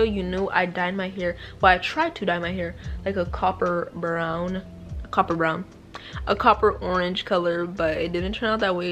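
A young woman talks to her viewers in a relaxed home vlog. Her delivery is chatty and playful, with jokes at her own expense. Soft music sits quietly behind her voice. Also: fairly low pitch. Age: young adult. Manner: chatty, playful and self-deprecating. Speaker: vlogger. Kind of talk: casual vlog chat. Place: at home indoors.

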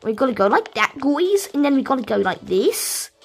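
Excitable British woman gamer, high voice. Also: moderate pace, soft background music. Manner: excitable, rambling, talks to viewers. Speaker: gaming YouTuber. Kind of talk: let's play commentary.

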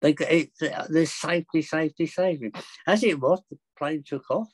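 An older man with a slightly high voice tells his flying stories in a chatty, excitable way. His voice sounds dry and close, with no room around it. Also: moderate pace, slightly rough, no room sound, low-quality recording. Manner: chatty, excitable, laughs often. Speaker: podcast guest. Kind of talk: anecdotal storytelling.

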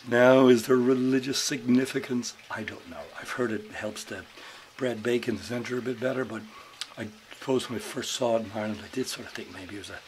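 Joking man baking, noisy kitchen. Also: fairly low pitch. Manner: self-mocking, joking asides. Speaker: musician making bread. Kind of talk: casual cooking demonstration. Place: home kitchen. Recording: loud background noise, running water.

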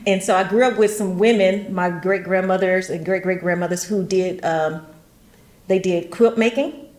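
Middle-aged woman with a slightly low voice, animated storyteller leading a workshop, recorded in an echoey room. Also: normal speed. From West Tennessee. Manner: animated, laughs often, folksy asides. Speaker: genealogy workshop speaker. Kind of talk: chatty storytelling talk. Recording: roomy echo.

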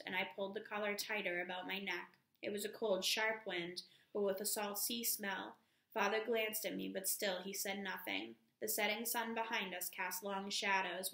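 A woman teacher reading a novel aloud to her class at a steady pace, calling out each page number. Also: medium pitch, creaky, echoey room.

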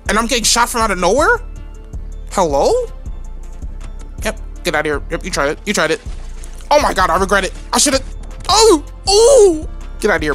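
Excitable trash-talking young gamer man. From United States. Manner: excitable trash talk with frequent swearing; bursts into sudden high-pitched yells. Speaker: gaming channel host. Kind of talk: live gameplay commentary. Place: at home late at night.

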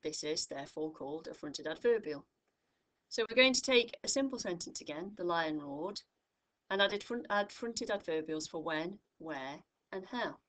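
A woman tutor from the United Kingdom walks through a grammar lesson in a slightly low voice. She speaks clearly and patiently, leaning on each example phrase so learners catch it. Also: expressive, moderate pace, a bit bright. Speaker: English tutor.

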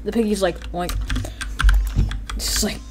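An excitable woman rambles through her gameplay commentary in a voice that swoops up and down, tossing in "like" and "freaking" and bursting into sudden yelps. She sounds like she is at home at a desk microphone. A faint hiss sits under her voice. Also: mid-range voice, moderate pace.

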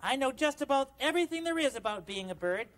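A man voicing a big, friendly, childlike male bird on a children's TV show, gentle and eager to help. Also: very high voice, animated, fast. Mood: cheerful. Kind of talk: children's TV puppet comedy.

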